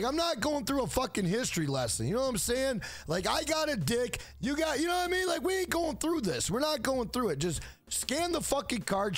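A man's voice: very high-pitched, dry recording. A man streaming a game, chatting casually and telling rambling, profane stories to his viewers. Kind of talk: casual live-stream chat.

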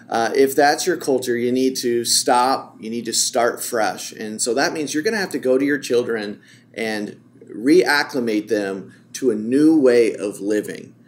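A man co-hosting a faith and parenting podcast, talking in a lively, casual way and laughing easily. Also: mid-range voice. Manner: energetic, quick to laugh.

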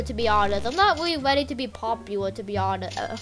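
High, lively rambling woman gamer. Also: fast, few pauses, soft background music. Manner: rambling, excitable, heavy use of filler words. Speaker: gameplay channel host. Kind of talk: casual game commentary.

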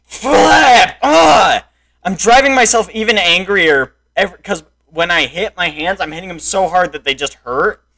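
A young man in raging gameplay commentary, frustrated, swinging between muttered complaints and loud shouts at the game. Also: high voice, expressive, a little slow, creaky. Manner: frustrated, yelling and insulting the game. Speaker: gameplay streamer.

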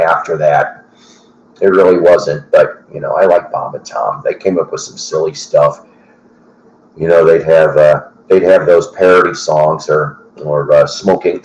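A middle-aged man with a low voice hosts a casual chat, rambling conversationally with lots of fillers and restarts. The sound is lo-fi with a roomy echo.

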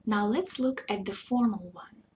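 A woman teaching a beginner language lesson, speaking in a patient, deliberate way and repeating phrases for learners to echo. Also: mid-range voice, background noise. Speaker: Russian tutor.

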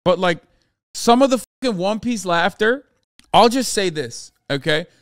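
Dude streamer going off, cussing, smooth voice, dry sound no room. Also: male voice, high voice, lively intonation, unhurried, no echo. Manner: exasperated, profane, emphatic. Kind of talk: casual rant.

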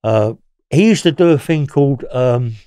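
A man's voice: medium pitch, expressive, normal speed, mellow, clean tone, no echo, studio quality. A man, a former prisoner telling rambling stories in an interview, swearing and laughing as he goes. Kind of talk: storytelling interview.

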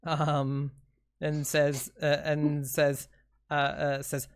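Casting: game master narrator, rambling, higher voice. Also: male voice, completely flat delivery, drawn-out words. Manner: filler-heavy, meandering narration.

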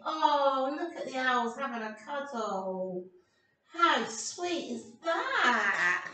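A woman in a childcare setting reading a picture book to small children in a gentle, sing-song way. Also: high-pitched, lively intonation, slow, reverberant, distant mic, a little hiss or hum. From England. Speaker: childcare storyteller.

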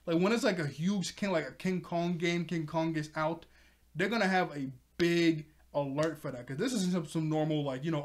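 Excitable man with a higher voice. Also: normal speed. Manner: excitable, laughs often, chatty filler words. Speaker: cartoon episode reviewer. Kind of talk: casual episode recap.

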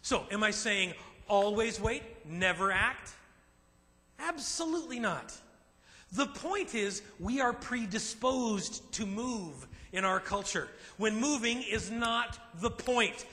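A man pastor preaching a sermon to a men's group, emphatic and animated, slipping into acted asides. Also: high-pitched, takes it slowly. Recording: long reverb in a large hall.

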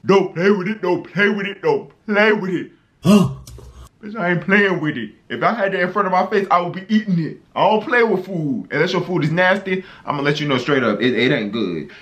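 A vlogger from North Carolina, with a North Carolina accent, reacting loudly and excitedly to cooking videos, often exclaiming and breaking into song. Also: medium pitch, normal speed, dull audio. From North Carolina, USA. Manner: loud, exclaiming, breaks into singing and shouts.

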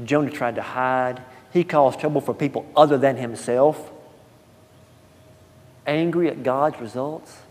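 A man preaching a sermon, telling a story in a folksy, animated way that swings from hushed asides to loud, emphatic quotes. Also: mid-range voice, measured pace, pauses often. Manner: folksy, repeats words at the start of phrases. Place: church sanctuary. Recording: long church-hall reverb.

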